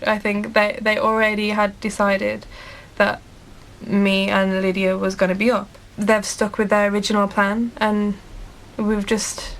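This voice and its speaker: A woman's voice: mid-range voice, low-quality recording. A British woman on a reality show, talking heatedly and repeating herself. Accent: British English. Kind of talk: heated casual talk.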